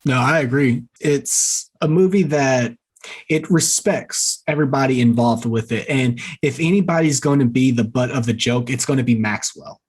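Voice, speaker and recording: A man's voice: mid-range voice, moderate pace, husky. A man co-hosting a movie podcast, recapping plot scenes and acting out the characters' lines. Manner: animated storyteller acting out quoted lines. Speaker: podcast co-host.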